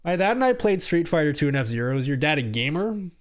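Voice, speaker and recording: Lively, animated young male streamer. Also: on the high side, fast, clean tone. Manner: reads chat messages aloud and answers them; rambling, with frequent restarts. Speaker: livestreamer. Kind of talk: casual live-stream chat.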